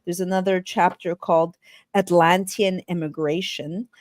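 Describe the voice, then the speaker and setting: A woman's voice: on the low side, fairly even intonation, moderate pace, no room sound, clean studio sound. A woman hosting a podcast interview, talking in a chatty, loose way with frequent restarts. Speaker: podcast host. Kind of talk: casual interview chat.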